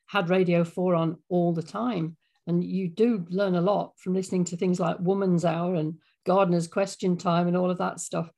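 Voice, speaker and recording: A woman in her fifties with an English accent, a writer of audio drama, chatting as a guest in a thoughtful, unhurried and self-deprecating way. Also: mid-range voice, creaky, darkish tone. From England. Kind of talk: casual interview chat.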